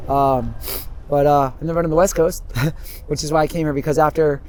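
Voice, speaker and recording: A man in his fifties telling his story in a rambling, animated way on an outdoor street interview, laughing often. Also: fairly high pitch, a little fast, smooth. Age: 50s.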